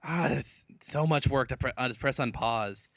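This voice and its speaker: A man's voice: mid-range voice, moderate pace, a bit bright, no echo. A man co-hosting a casual podcast, rambling along and laughing at himself, heard over a remote call. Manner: rambling, self-amused, laughs often. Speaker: podcast co-host. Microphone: remote call mic.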